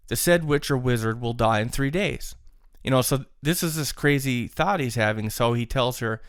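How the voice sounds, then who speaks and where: A man's voice: mid-range voice, a bit bright, clean tone, no room sound, studio quality. A man casually retelling a friend's strange encounter, with frequent fillers. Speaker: storyteller. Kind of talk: retelling a secondhand story.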